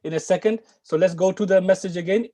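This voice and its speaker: British guy teaching a lesson, high-ish voice but mellow and dark, stresses every key word. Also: fairly even intonation, fast. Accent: British English. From United Kingdom. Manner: emphatic, repeats key words for learners to follow. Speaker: Arabic and Quran teacher. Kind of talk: live online lesson.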